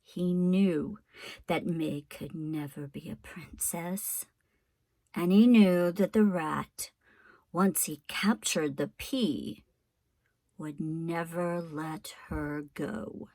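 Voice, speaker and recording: A woman teacher reading a storybook aloud to her class, in an expressive, unhurried way. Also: low-pitched, no echo.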